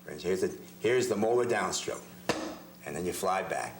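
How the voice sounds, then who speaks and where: A man's voice: deep voice, animated, moderate pace, vocal fry, reverberant, noisy background. A man giving a hands-on drum lesson, explaining technique step by step and often repeating words as he demonstrates. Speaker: drum teacher. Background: drum hits between phrases.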